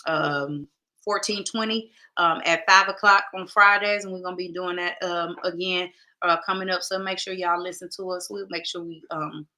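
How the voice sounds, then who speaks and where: A woman hosting a podcast, chatting casually with her viewers and reading their comments in a lively, direct way. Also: on the low side. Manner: lively, talks straight to viewers, drawn-out "child, listen". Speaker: podcast host.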